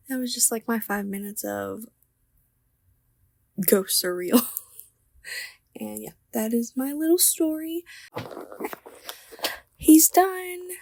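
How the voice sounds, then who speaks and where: Young woman artist vlogger, slow and dry-voiced, casual storyteller who laughs and whispers. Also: high-pitched, gravelly, warm tone, dry recording. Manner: chatty, laughing, drops to whispers. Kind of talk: casual storytelling while sketching.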